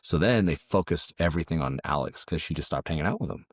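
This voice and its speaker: A man's voice: extremely low pitch, lively intonation, fast, breathy edge, no echo. A man, a martial arts coach and parent, telling a story animatedly on a podcast, often tagging his lines with "right?".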